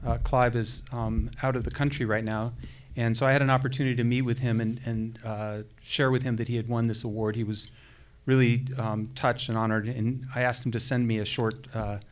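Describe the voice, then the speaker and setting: A man's voice: mid-range voice, flat delivery, fairly quick. Chatty man hesitantly reading remarks at a podium. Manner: hesitant and chatty, with many fillers. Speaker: faculty colleague reading remarks on another's behalf. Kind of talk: podium speech reading a prepared statement. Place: auditorium at a commencement ceremony.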